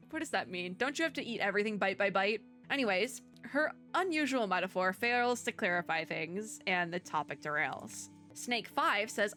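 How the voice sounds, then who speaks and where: A woman's voice: medium pitch, a little fast, bright, forceful tone. A young woman from the US Midwest giving casual, rambling gameplay commentary, filling her sentences with "like.". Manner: chatty, rambling, heavy use of "like". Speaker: VTuber let's player. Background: faint game music.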